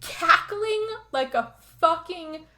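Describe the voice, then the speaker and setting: A woman co-hosting a podcast, recapping a movie in casual chat as an animated storyteller who swears freely. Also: very high-pitched, takes it slowly. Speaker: podcast co-host.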